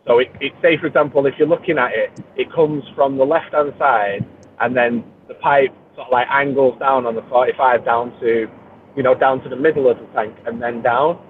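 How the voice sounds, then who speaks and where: A man's voice: medium pitch, steady tone, fairly quick, a little hiss or hum. A man in casual chat from a car, rambling along with lots of fillers and restarts. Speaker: reef-keeping chat participant. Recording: tinny phone-line sound.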